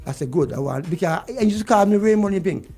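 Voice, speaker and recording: A man's voice: high voice, very fast, mellow. A man with a Vincentian accent, talking heatedly about politics on a radio show and repeating his points. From Saint Vincent. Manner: vexed, ranting, repeats points. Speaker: radio guest.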